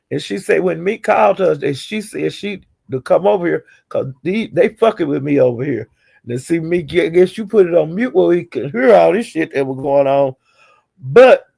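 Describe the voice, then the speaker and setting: A woman's voice: fairly low pitch, creaky, a little mellow, breathy edge. A woman streamer casually retelling online drama, chatty and acting out the quotes with chuckles. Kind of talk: casual gossip storytelling.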